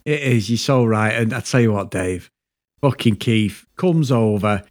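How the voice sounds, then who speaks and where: A man co-hosting a podcast, casually chatting about a TV show, swearing freely and telling animated stories. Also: lowish voice, unhurried. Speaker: podcast co-host. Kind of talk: casual chat reviewing a TV show.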